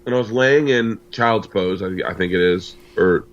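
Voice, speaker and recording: Deep-voiced man telling a story, muffled audio. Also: moderate pace. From United States. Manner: animated storyteller acting out quoted dialogue. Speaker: podcast guest, comedian. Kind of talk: storytelling in casual interview.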